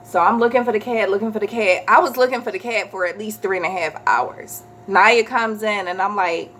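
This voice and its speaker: A woman, chatting casually as a vlogger and telling a story with animated quoted voices. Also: medium pitch, fairly quick, hardly any pauses, slight background noise.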